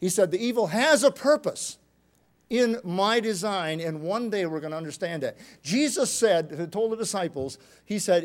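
A male preacher delivering a sermon in a high-pitched voice. He swings between loud, emphatic rises and quiet, low drops as he works through scripture. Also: animated, normal speed. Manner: emphatic, rising and falling delivery.

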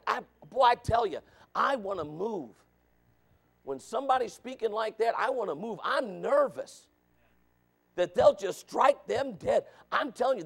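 High-voiced preacher man, swinging loud and soft. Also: gravelly. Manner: preaching with rhetorical questions and calls of amen; swings from low asides to loud shouted points. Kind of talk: sermon.

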